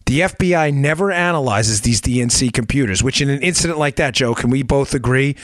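Speaking a little fast in a medium-pitched, slightly bright voice, a man hosts a political podcast recorded cleanly in a studio without echo. He delivers an emphatic, sarcastic commentary monologue, peppering listeners with rhetorical questions.

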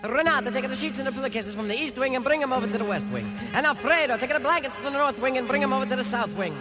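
An actress playing a bossy woman running a spa, ordering staff around briskly and then singing in a musical theatre cast recording. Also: high voice, lightly acted. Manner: brisk commanding, half-spoken then sung. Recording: loud orchestral music behind voice.

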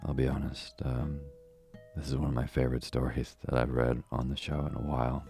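Very deep, gravelly bedtime storyteller. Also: male voice, fairly quick, soft background music. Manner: relaxed, informal. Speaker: bedtime story podcast host. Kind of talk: soothing bedtime story reading.

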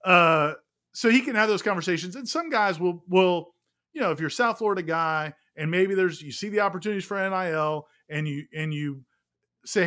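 A man co-hosting sports talk radio, explaining his points in a measured, conversational way. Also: high voice, pushed and bright. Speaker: sports radio co-host and writer.

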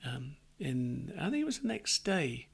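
A man's voice: mid-range voice, big pitch swings, measured pace, creaky, husky. A middle-aged man chatting casually, telling rambling anecdotes with restarts and laughter. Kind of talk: casual chat.

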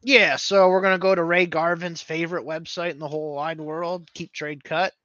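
Bright-voiced man on a dull podcast mic. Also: a little high, level tone, normal speed, no room sound. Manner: rambling, thinks aloud with fillers. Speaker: podcast co-host. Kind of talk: casual fantasy football chat.

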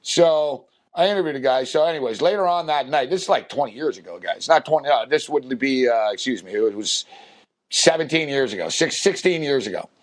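A man's voice: medium pitch, lively intonation, brisk. A man telling a long, rambling anecdote on a sports podcast, full of fillers and acted-out quotes. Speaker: podcast co-host. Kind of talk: casual storytelling.

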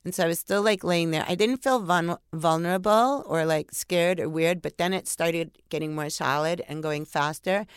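A middle-aged woman who is a podcast guest, telling a story in a casual, animated way and swearing freely. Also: on the low side, normal speed, hardly any pauses, clear, resonant tone, no echo, clean studio sound. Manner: animated, profane, acts out her inner voices. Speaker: podcast guest, paranormal investigator.

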